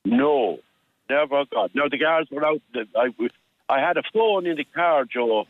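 An older Irish man calling in to a radio show, telling a story with halting restarts and acting out what others said. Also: mid-range voice, expressive, no echo. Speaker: caller. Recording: tinny phone line.

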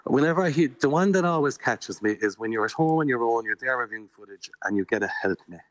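A man's voice: medium pitch, animated, fast talker, no room sound. An Irish man being interviewed in a radio studio as a paranormal investigator, explaining at length in an earnest, chatty way.

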